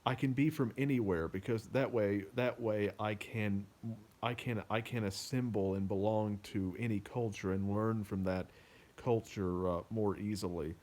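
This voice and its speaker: A man's voice: fairly low pitch, steady tone, moderate pace, a little mellow. A man from Kentucky with a general American accent and slight Kentucky undertones, talking casually to camera in a hesitant way, with many ums and restarts. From Kentucky, USA. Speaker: author vlogger.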